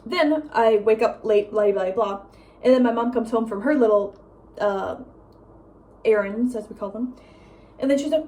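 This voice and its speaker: A young woman vlogging at home in a casual, rambling chat, full of "like" and "um" and quick laughs. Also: medium pitch. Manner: rambling, lots of "like" and "um", laughs often; breezy, drifts between loud and soft. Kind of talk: casual chatty vlog monologue.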